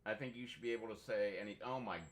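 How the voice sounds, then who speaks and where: A man's voice: fairly low pitch, rapid-fire. A young man streaming a game, chatting casually and rambling through stories, swearing freely and laughing often. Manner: profane, laughs often, animated storytelling. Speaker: gaming streamer.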